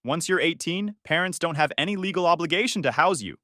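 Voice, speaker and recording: A man's voice: fairly high pitch, expressive, a little fast, bright, forceful tone, no room sound, studio quality, pitched above the performer's own voice. A man voicing a know-it-all teenage boy who speaks matter-of-factly. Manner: matter-of-fact, mumbling.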